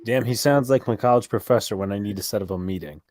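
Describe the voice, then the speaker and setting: A man's voice: lowish voice, fast, darkish tone, no room sound. A man co-hosting a sports stream, talking in a dry, offhand way. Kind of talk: casual sports chat.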